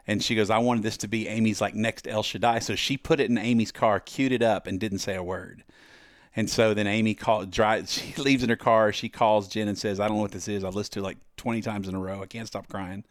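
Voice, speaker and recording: A man's voice: on the low side, brisk, dry recording, studio quality. A man on a podcast as the guest musician, telling stories and acting out the voices of the people in them. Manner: lively storyteller acting out quoted voices. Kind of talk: podcast storytelling.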